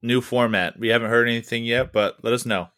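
A man's voice: mid-range voice, steady tone, brisk, a bit bright. A man co-hosting a casual sports podcast, chiming in briefly and correcting his partner. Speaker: podcast co-host.

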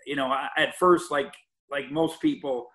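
A man's voice: medium pitch, steady tone, moderate pace, a bit bright. An older man, a college basketball head coach, talking in a rambling podcast interview with lots of restarts and fillers. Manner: rambling, many restarts and "you know" fillers. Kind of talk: podcast interview over a call.

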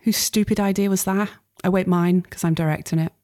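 A woman's voice: fairly low pitch, fairly even intonation, brisk, a little mellow, no room sound, studio quality, lightly acted. A woman voicing a stressed young adult daughter, frazzled and sweary.

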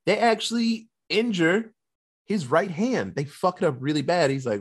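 A man retelling a Western movie in casual chat, quickly acting out the characters' lines and laughing often. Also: high voice, animated, slightly rough.

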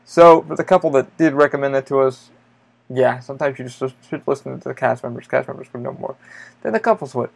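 A man's voice: mid-range voice, fast, vocal fry. A man hosting a podcast, telling a story in a loose, rambling way, with lots of swearing and filler words. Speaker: podcast host. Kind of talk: casual storytelling monologue.

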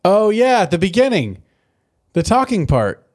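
A man's voice: high voice, sing-song, normal speed, a little mellow. A man in a casual chat, recapping a cartoon episode in a loose, profane way with lots of fillers.

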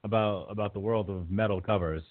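A man's voice: fairly low pitch, fairly even intonation, brisk. A man hosting a casual podcast chat, joking and laughing often between remarks. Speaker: podcast host. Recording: tinny phone-like audio.

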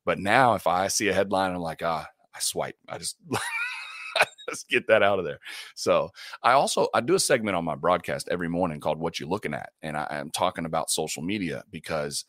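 A man who hosts a radio morning show, a guest in an interview, telling faith stories in an earnest, animated way, often restarting and laughing. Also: deep voice, fast talker, no room sound, clean studio sound. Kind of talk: faith-centered interview storytelling.

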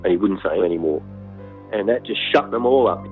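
An Australian hunter telling a story in an interview, blunt and animated, with frequent fillers. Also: male voice, low voice, brisk. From Western Australia. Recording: tinny phone-like sound, faint music.

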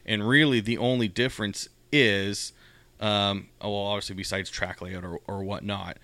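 Male co-host, somewhat low pitch, crisp clear voice, dry close sound, careful explainer. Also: fairly even intonation, pushed and bright, no room sound. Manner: measured, explanatory, many fillers. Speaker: podcast co-host. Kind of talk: casual chat.

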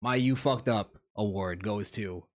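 A man's voice: fairly low pitch, measured pace. A man hosting a casual podcast among friends, announcing awards in a playful, mock-grand way and stretching out his phrases. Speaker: podcast host.

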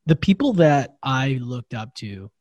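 A man's voice: medium pitch, very animated, unhurried, darkish tone, no room sound, muffled recording. A man hosting an interview, chatting in a laid-back, rambling way full of "like" and "bro". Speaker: podcast host. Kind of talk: casual interview chat.

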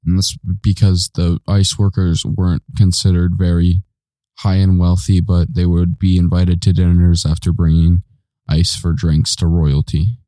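A male co-host with a low, dark voice answers in short, clipped replies. When he explains something he hesitates and restarts often. The sound is dry and close to the mic. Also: level tone, unhurried, no room sound. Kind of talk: casual studio banter.

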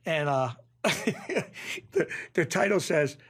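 A middle-aged man from New talks in a voice pitched a touch high for a man. He tells his stories in an animated, rough street way and often repeats himself. He sounds like a podcast guest deep in casual talk. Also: drawn-out words. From Springfield, Massachusetts. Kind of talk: casual storytelling.

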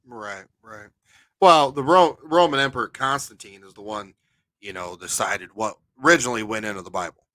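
A man co-hosting a podcast, a paranormal investigator chatting casually, animated and telling anecdotes with a swear now and then. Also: fairly low pitch, normal speed, no room sound.

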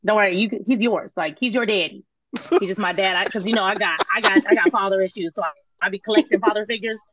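A woman, a guest telling casual stories in an interview, animated and laughing, swearing and acting out quotes. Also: medium pitch, quick pace, poor audio. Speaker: guest, former cooking show contestant.

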